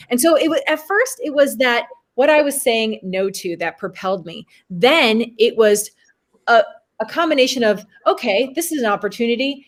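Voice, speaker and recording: A woman's voice: on the high side, expressive, normal speed. A woman on a casual panel chat, speaking earnestly and thoughtfully. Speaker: panel guest.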